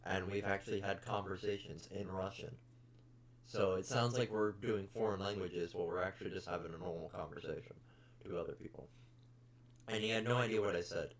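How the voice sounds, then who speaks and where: Young man, lowish voice, blunt and profane, casual podcast rant. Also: a little hiss or hum. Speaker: podcast host.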